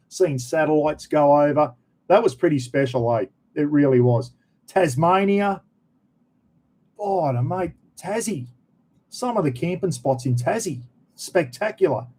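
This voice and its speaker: Aussie bloke, middle-aged, mellow and a bit high, swears a lot, rambling livestream chat. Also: male voice, rough recording. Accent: Australian. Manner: blunt and salty, swears freely. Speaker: livestream host answering chat questions.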